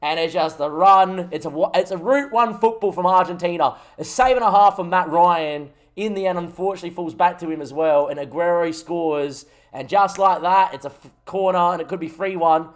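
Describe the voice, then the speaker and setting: Aussie bloke streaming a footy manager game, slightly high voice, commentating live and getting hyped when they score. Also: male voice, moderate pace, few pauses. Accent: Australian. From Australia. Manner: excitable, shouts at goals, talks to chat. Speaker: gaming streamer.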